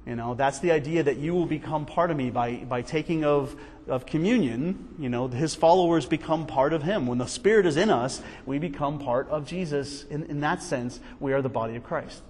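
A man leads a Bible study in a lively, conversational manner, throwing out one rhetorical question after another. His voice sits a little high for a man. A long reverb from the hall lingers after his words. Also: normal speed, slightly rough.

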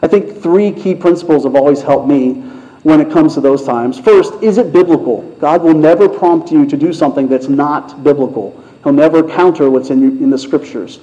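A pastor giving a sermon, retelling a story in a conversational way. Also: male voice, a little high, normal speed, dark tone. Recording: muffled lo-fi sound.

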